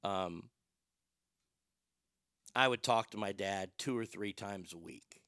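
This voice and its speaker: Bright, crisp-voiced male radio host. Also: on the low side, slow, no echo. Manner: rambling, profane, darkly humorous. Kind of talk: casual storytelling monologue.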